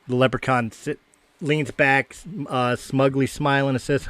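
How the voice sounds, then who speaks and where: A man's voice: medium pitch, unhurried, fairly bright tone, no room sound. A man co-hosting a casual podcast, telling a long, profane bar joke with stammering restarts. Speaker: podcast host.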